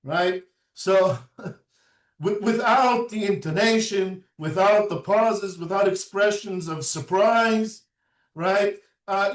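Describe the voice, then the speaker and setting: Man, lecturer, high voice, keeps asking "right?", echoey room, mic set back. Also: recorded from a distance. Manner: unhurried, often adds a questioning "right?" and "uh". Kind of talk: recorded lecture.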